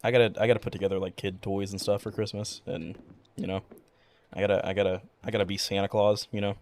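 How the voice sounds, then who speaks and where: A man's voice: lowish voice, level tone, quick pace, a little mellow. A young man streaming a game, chatting casually in a rambling way, with many fillers and frequent swearing. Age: young adult. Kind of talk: casual chat while gaming.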